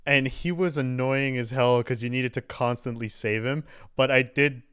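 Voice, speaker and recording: A young man chatting casually as co-host, laughing often and breaking into shrill cartoon voices. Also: fairly even intonation, normal speed, a bit bright, clean tone. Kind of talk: casual chat.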